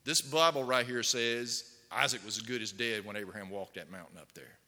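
A pastor speaks in a mid-range, bright, forceful voice at a fairly quick clip. His sermon is built on storytelling and questions directed at the congregation, recorded with a long hall reverb.

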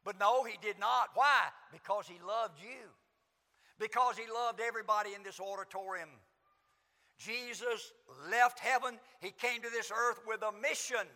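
A man preaching a sermon in an auditorium, impassioned, swinging from hushed lines to shouts. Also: very high voice, fairly even intonation, normal speed. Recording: long hall reverb.

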